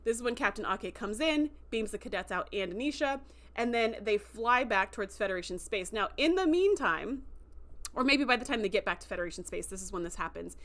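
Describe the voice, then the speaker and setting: A woman hosting a livestream, recapping a TV episode in a chatty, animated way and acting out quotes. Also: mid-range voice, a little fast. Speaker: show review host. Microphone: livestream microphone.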